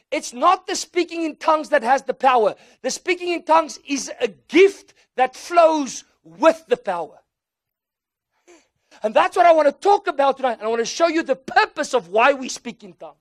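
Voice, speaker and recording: South African man preaching an animated sermon. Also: very high voice, no echo, studio quality. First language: Afrikaans. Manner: animated storytelling, acting out voices and mixing in Afrikaans phrases.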